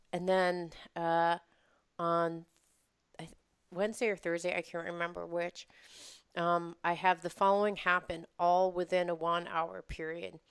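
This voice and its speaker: A woman co-hosting a casual podcast chat, telling a story in an animated way, with frequent restarts and laughter. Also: fairly low pitch, clear, resonant tone, no echo, clean studio sound. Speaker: podcast co-host.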